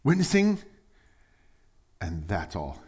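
A man preaching a sermon in an animated way, with loud emphatic bursts and quiet low asides, acting out the voices of the people he quotes. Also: slow pace, slightly rough. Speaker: pastor.

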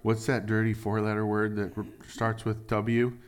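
A man preaching a sermon in an animated way, with loud emphatic bursts and quiet low asides, acting out the voices of the people he quotes. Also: moderate pace. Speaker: pastor.

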